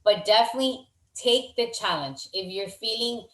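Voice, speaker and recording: A woman leading a motivational team video call, warmly effusive and encouraging, repeating her praise. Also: mid-range voice, animated, normal speed, echoey room, poor audio.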